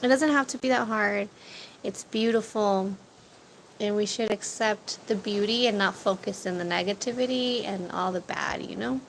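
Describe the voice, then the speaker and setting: This young woman speaks at medium pitch and a moderate pace. She's a food vlogger talking casually to a live audience outside a corner store, sharing stories, laughing often and cursing now and then, while wind and birdsong fill the background.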